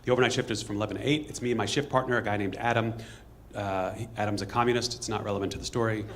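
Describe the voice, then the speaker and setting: Fast-talking man telling a story on stage. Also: lowish voice, fairly even intonation, fairly bright tone. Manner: fast, conversational, with asides and reenacted dialogue. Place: stage before a live audience.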